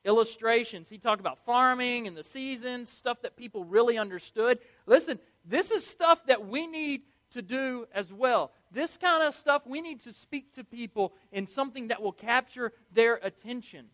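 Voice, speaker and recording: Male preacher, high-pitched, energetic and emphatic with playful asides. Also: moderate pace, few pauses. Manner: energetic, emphatic, playful, repeats key words. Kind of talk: sermon.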